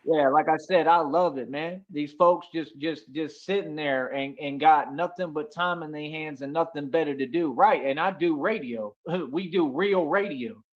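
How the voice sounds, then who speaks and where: A man's voice: on the high side, normal speed, few pauses, highs cut off. A man from the United States hosting a casual livestream monologue, boastful and swaggering, looping back with "like I said" over and over. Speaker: livestream host.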